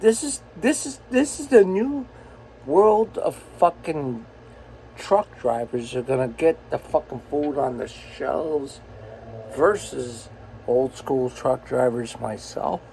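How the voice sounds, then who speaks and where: A truck driver from the United States in his forties films himself on a phone in his truck cab for a vlog, ranting in an angry, profane, rambling way. His voice is medium-pitched, slow, creaky, and warm. The recording is low quality with slight background noise.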